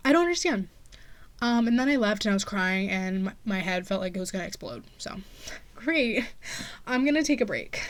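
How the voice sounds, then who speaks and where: A woman's voice: medium pitch, a little fast. A young woman in her late teens hosting a podcast, telling a story in a chatty, sassy way and saying "like" a lot. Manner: chatty and sassy, heavy use of "like". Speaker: podcast host. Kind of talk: casual storytelling monologue.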